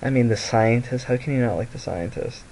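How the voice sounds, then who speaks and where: A man's voice: mid-range voice, brisk, darkish tone, slight background noise, low-quality recording. A tired young man rambling casually in a vlog at home, with lots of fillers and restarts and a sleepy voice. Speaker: vlogger. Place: at home by a mirror.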